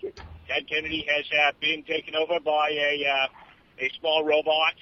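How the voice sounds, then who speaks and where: A man in casual political banter, joking drily and pausing often with "uh". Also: fairly high pitch, monotone. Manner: dry jokes, halting with many uhs. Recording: dull lo-fi recording.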